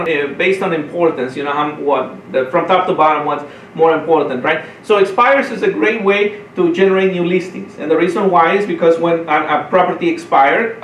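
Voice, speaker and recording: A man teaching real estate sales, talking fast and repeating himself, often checking in with "right?". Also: high voice, a bit bright, reverberant, distant mic, slight background noise, poor audio. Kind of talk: training talk.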